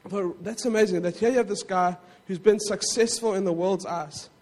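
A man preaching a sermon in a conversational way, with frequent asides to the congregation and quick self-corrections. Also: high voice, steady tone, darkish tone, big-room sound. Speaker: pastor.

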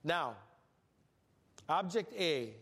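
Folksy high-voiced pastor in a reverberant church. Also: male voice, drawn-out words, breathy edge. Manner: folksy, humorous, animated storytelling. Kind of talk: sermon with storytelling. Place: church sanctuary.

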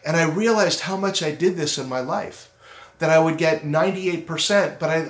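A middle-aged man hosting a motivational self-esteem talk. He speaks earnestly, slows down to stress his points, and acts out his own inner critic. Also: on the high side. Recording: roomy echo.

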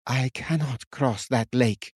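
A man's voice: mid-range voice, slow pace, a little mellow, slightly rough, no echo, voice pushed up. A man voicing a cold, commanding witch. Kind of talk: audiobook character voice.

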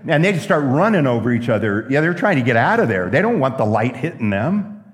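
A pastor preaching a sermon, telling stories and asking the room questions. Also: male voice, medium pitch, fairly quick, in a large hall. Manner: lively preaching with stories and asides.

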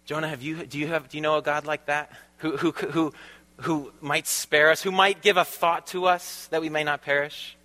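A man's voice: fairly high pitch, steady tone, normal speed, bright, forceful tone. A preacher acting out a desperate, pleading male ship captain caught in a storm. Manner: urgent, pleading. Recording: long reverb of a large hall.

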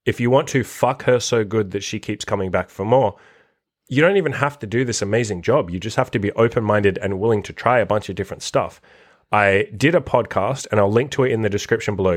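A man hosting a casual podcast monologue, blunt and profane, swearing constantly as he reacts to a list. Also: fairly low pitch. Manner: animated, reacting to a written list. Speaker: podcast host and dating coach.

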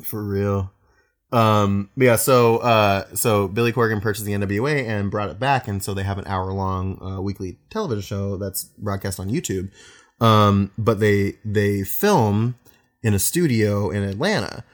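A man's voice: fairly low pitch, moderate pace. A man co-hosting a podcast in casual chat, laughing often and telling stories with swearing. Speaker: podcast co-host.

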